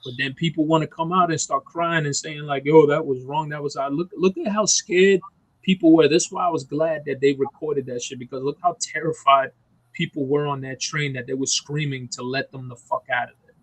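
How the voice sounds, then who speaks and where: A man ranting hard on a podcast. He swears constantly and hammers his points home. His voice sits a little high, and the sound is dry and close with no room echo. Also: fairly quick, fairly bright tone. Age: adult parent. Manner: profane, emphatic, ranting. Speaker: podcast co-host. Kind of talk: heated casual chat.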